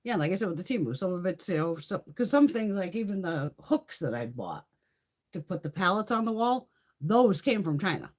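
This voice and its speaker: A middle-aged woman chatting on a live stream, telling a story in a profane, animated way with a husky voice. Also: fairly low pitch, fairly quick. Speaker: beauty vlogger. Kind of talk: casual live-stream chat.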